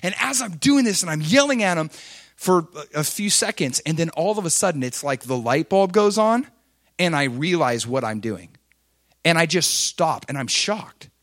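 A middle-aged man preaching, telling a personal story with swings between loud intensity and quiet confession. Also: on the high side, lively intonation, moderate pace. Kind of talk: sermon storytelling.

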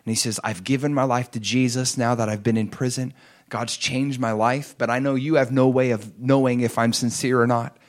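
A man preaching, telling a story and acting out the characters' words, swinging between hushed lines and raised, pleading ones. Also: medium pitch, fairly even intonation, moderate pace. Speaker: pastor. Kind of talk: sermon storytelling.

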